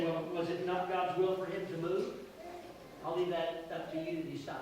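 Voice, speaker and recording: An older male pastor in his sixties delivers an emotional sermon, climbing loud and then falling quiet. He is heard from far off in a very echoey church hall. Background noise runs under his voice. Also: high-pitched. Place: church sanctuary.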